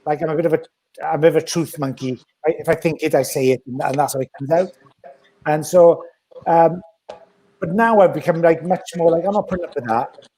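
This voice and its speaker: A man's voice: on the high side, a little fast. A man talking bluntly and energetically in a casual podcast chat. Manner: blunt, animated, acts out quoted voices.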